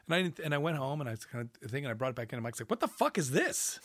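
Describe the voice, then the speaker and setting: A man, a composer, telling long, animated stories in a casual conversation, full of fillers and swearing. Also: medium pitch, very fast, no room sound, clean studio sound. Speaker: guest, composer.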